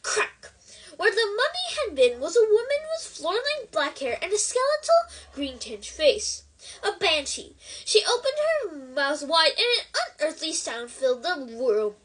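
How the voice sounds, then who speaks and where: A woman reads a novel aloud in an expressive storytelling way. Her voice is high and very lively, climbing and dipping from phrase to phrase. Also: a little slow, rough recording. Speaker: book reader.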